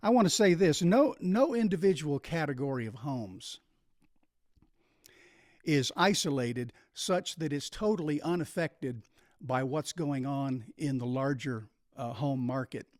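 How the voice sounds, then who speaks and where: A man's voice: fairly high pitch, a little slow, darkish tone, no echo, clean studio sound. A man hosting a videocast, explaining a topic on his own in an emphatic way. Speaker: videocast host. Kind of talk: solo explanatory talk.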